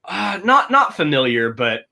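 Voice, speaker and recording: A man runs a tabletop game as game master, describing scenes in a bright, animated voice. He rambles and corrects himself with playful asides. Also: on the high side, measured pace, vocal fry.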